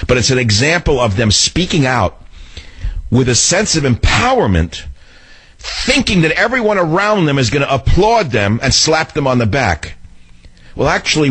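Husky, lively combative radio host man. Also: medium pitch. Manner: combative, indignant storytelling with mocking asides. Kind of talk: talk radio monologue.

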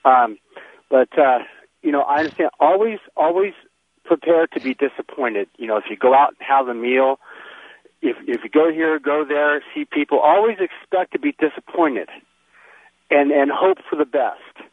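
A man's voice: on the high side, normal speed, no room sound. A man calling in to a talk radio show, polite and a little hesitant. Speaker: caller. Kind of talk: call-in talk. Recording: tinny phone line.

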